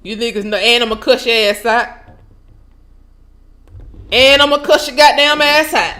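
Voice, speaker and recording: High-voiced woman ranting with laughs. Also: level tone, moderate pace, pushed and bright. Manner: profane, laughing, incredulous, talks to viewers. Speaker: channel host. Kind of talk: casual ranting vlog.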